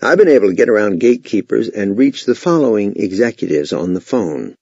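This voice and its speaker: A sales trainer teaches sales techniques in scripted instructional narration, delivered emphatically and with authority. His voice is fairly low, gravelly, darkish and a bit breathy, with lively intonation and a brisk pace. The dry voice-over has no echo and sounds dull and lo-fi.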